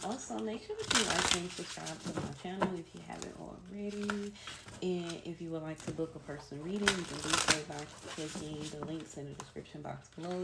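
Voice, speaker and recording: A woman with a low voice reads tarot for her viewers. She talks in a chatty, soothing way. The recording sounds echoey, with steady noise behind her. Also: gravelly. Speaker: tarot reader. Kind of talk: casual spiritual reading.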